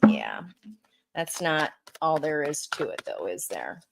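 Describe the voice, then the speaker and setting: A woman's voice: low-pitched, wildly swooping pitch, takes it slowly, gravelly, a little hiss or hum, rough recording. A woman giving a casual tarot reading, chatty and encouraging, talking straight to her viewers. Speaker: tarot reader.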